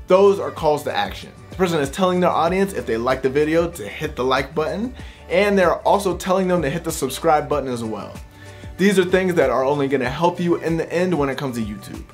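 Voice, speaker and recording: A man's voice: fairly high pitch, brisk, soft background music. A man explaining how to script videos in a direct, conversational tutorial, talking freely from bullet points rather than reading. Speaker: YouTube creator giving tips. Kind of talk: casual talking-head tutorial.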